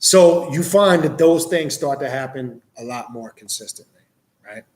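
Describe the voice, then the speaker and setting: A man with a mid-range voice, speaking at a moderate pace in a roomy-sounding space, hosts a livestream. He reads out viewers' questions and answers them bluntly, casually, and with profanity, telling stories with lots of energy.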